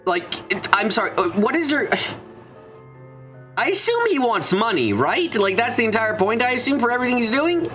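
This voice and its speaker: A man giving gameplay commentary, baffled and profane, swearing at the plot. His voice is high and bright, with a lively pitch that jumps around, and faint game music plays underneath. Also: moderate pace. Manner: incredulous, profane, exasperated. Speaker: let's play host.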